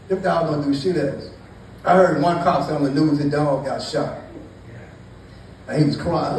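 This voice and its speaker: A man's voice: fairly high pitch, moderate pace, a little mellow. A man doing stand-up storytelling to a live crowd, loose and profane, teasing the audience. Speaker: stand-up comedian. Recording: echoey, distant mic with noise.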